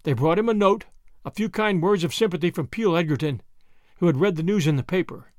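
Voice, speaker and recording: A man narrating an audiobook in an expressive storytelling delivery. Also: high voice, brisk, dry recording, studio quality.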